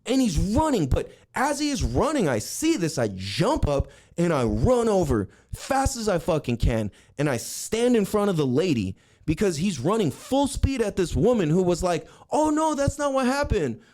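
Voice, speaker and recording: A man hosting a podcast, telling a heated story in a profane rant that swings between shouting and low mutters. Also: very animated, moderate pace, few pauses. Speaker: podcast host.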